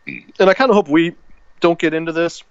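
This man co-hosts a podcast, talking casually and meandering with plenty of fillers and false starts. He speaks briskly in a slightly high, clean-toned voice, and the lo-fi recording has no echo.

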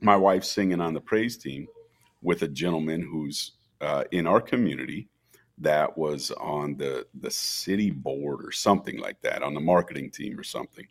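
A man's voice: extremely low pitch, moderate pace. A middle-aged man from Minnesota, a festival founder telling stories as a podcast guest and acting out the dialogue. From Minnesota, USA. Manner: animated storyteller, acts out quoted dialogue. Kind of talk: storytelling interview.

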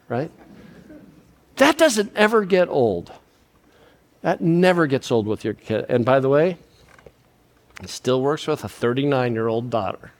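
An older man giving a sermon on parenting, sappy and self-deprecating, moving between loud emphasis and hushed lines. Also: medium pitch, expressive, moderate pace, pauses often. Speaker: guest speaker on parenting.

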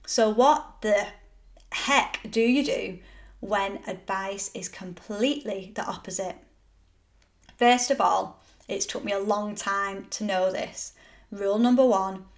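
A woman's voice: mid-range voice, slow pace. Earnest woman hosting a motivational podcast. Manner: earnest, encouraging, emphatic. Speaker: podcast host. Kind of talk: solo motivational podcast talk.

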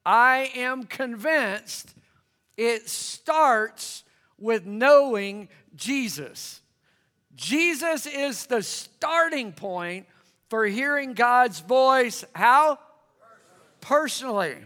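A man's voice: extremely high pitch, expressive, drawn-out words, bright, forceful tone. A man preaching a sermon, calling on the congregation to answer him. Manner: conversational, calls for congregation to respond. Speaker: pastor. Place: church hall with congregation. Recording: long hall reverb.

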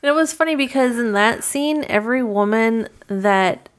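A woman's voice: a little high, normal speed. A woman co-hosting a podcast, chatting casually about a movie, giggling and hedging her points with "like" and "you know.". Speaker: podcast co-host. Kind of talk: casual movie review chat.

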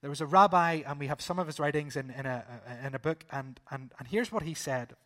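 High-voiced preacher. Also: male voice, fairly quick. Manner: animated, asks the congregation rhetorical questions, swings from loud to hushed. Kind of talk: sermon.

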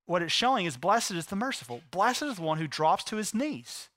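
Male pastor, high bright voice, dramatic delivery that swings between loud and hushed, dry close sound. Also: sing-song, a little fast, few pauses, no room sound. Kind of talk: sermon.

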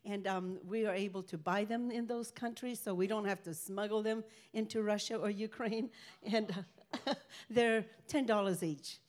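A woman's voice: medium pitch, a little mellow. Rambling older woman sharing testimony. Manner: rambling, halting storytelling. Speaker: ministry speaker. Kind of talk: personal faith testimony.

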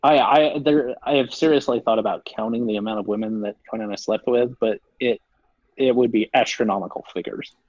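Excitable husky-voiced man on a podcast. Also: mid-range voice, fairly quick, no echo, lo-fi sound. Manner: excitable, rambling. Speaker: podcast co-host. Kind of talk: casual chat.

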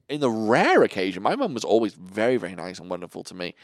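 A man's voice: on the low side, quick pace, hardly any pauses, no echo, studio quality. A man hosting a podcast, telling stories in casual chat with lots of swearing and acted-out voices. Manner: animated, sweary storytelling, acts out voices. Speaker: podcast host.

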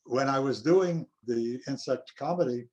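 An older male actor reminiscing in an interview, telling anecdotes in an unhurried way. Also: medium pitch, darkish tone, dull audio. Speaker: actor guest.

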